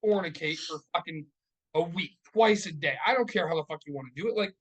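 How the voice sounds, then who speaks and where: A man's voice: a little high, brisk, breathy edge, dull audio. A man in his thirties co-hosting a casual podcast, telling stories in a heated, profane rant. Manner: profane, ranting, heated storytelling. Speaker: podcast co-host. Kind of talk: casual chat. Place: podcast studio.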